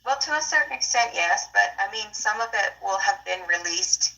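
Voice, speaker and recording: A woman's voice: mid-range voice, lively intonation, normal speed, gravelly, sharp tone, lo-fi sound. A woman counselor guest in a casual interview, explaining plainly and acting out what her clients say. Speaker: advice columnist and counselor guest.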